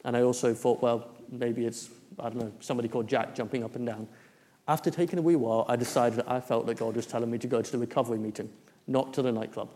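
A man's voice: mid-range voice, fairly even intonation, fast, dark tone. A man, preaching a testimony story in a church hall with many fillers and restarts. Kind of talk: sermon testimony.

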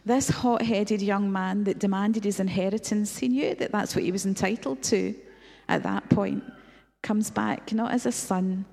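A woman's voice: mid-range voice, fairly even intonation, a little slow, creaky, a little mellow. A woman preaching a reflective sermon, retelling a story with rhetorical questions. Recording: long hall reverb.

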